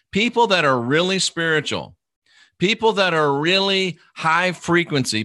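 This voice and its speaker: Slow, bright-toned preaching man. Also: a little high, no room sound, studio quality. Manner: emphatic, repetitive preaching cadence; draws out words, spells them out. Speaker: minister. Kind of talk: preaching livestream talk.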